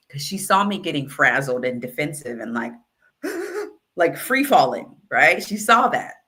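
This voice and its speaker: Bright-voiced woman author coach. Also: low voice, a little slow, long pauses. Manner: animated, acts out quoted dialogue. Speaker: writing consultant and author coach. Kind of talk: casual storytelling monologue.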